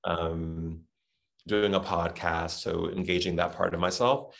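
A middle-aged Southern man chats as a podcast guest, thinking aloud and circling back on his words. His voice sits very low and carries a gravelly rasp. He talks in a casual, reflective way. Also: fairly even intonation, measured pace. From Texas, USA. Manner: reflective, rambling with many restarts and fillers. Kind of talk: casual interview chat.

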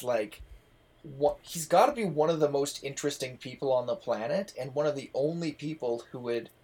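A man's voice: medium pitch, darkish tone, husky. A man hosting a casual podcast chat, talking enthusiastically and rambling with lots of asides. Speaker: podcast host.

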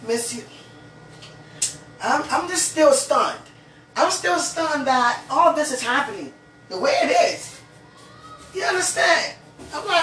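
A woman's voice: sits high, slow pace, pauses often. A woman talking casually and gushingly to her partner at home, rambling with many "you know"s and fervent religious asides. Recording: echoey room, far from the mic, steady background noise.

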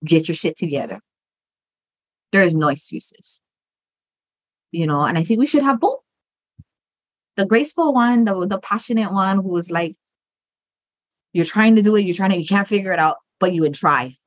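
A woman's voice: mid-range voice, lively intonation, normal speed, long pauses, no room sound. A woman in casual podcast chat, blunt and profane, rambling with restarts and acting out the voices in her head.

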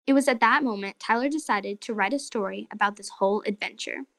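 A woman narrating a children's story and hosting a short segment, in an expressive, friendly way. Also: medium pitch, quick pace, no room sound.

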